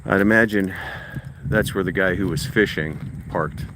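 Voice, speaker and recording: A man's voice: low-pitched, normal speed. A man live-streaming a walk with his dog, talking to the dog and his viewers in a coaxing, casual way. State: out of breath while walking uphill. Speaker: livestream host walking his dog. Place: outdoors at a reservoir, walking. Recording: loud outdoor noise.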